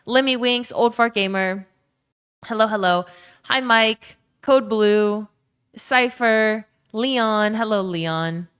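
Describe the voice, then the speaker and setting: A woman's voice: a little high, takes it slowly, a bit bright, clean tone. A young woman from Louisiana with a faded Southern accent, chatting casually on a live stream, swearing freely and greeting viewers by name. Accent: faded Southern American.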